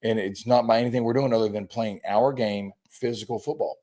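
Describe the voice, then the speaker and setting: Male high school football coach, low mellow voice, rambling casual storyteller. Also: fairly even intonation, fairly quick. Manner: rambling storyteller, acts out quotes. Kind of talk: casual chat.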